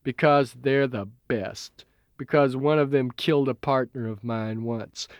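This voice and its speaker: A man's voice: medium pitch, measured pace, dry recording, close to an everyday voice. Tough guarded woman fighter, short blunt lines; male narrator. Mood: terse. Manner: terse, blunt. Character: tough, guarded female street samurai.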